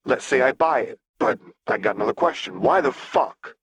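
A man's voice: mid-range voice, huge pitch swings, normal speed, creaky, fairly bright tone, pitched above the performer's own voice, full character voice. A man voicing a wary, sarcastic young male rebel in an audiobook, cursing and incredulous.

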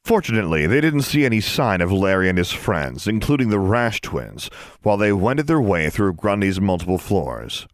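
A man with a low voice reading a novel aloud, his pitch rising and falling lively across each sentence. The recording is close and completely dry. He tells the story steadily between character voices. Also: moderate pace, no room sound. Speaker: audiobook narrator. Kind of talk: scripted narration.

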